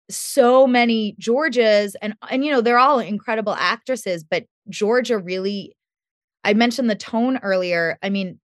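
A woman guest on a podcast interview, telling lively stories about making her show and laughing often. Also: medium pitch, dry recording, clean studio sound. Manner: animated storytelling, laughs often.

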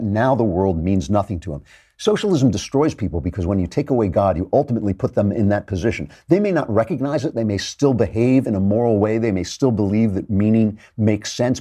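A man hosting a show, giving emphatic and animated lecture-style commentary with frequent restarts. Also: fairly low pitch, husky.

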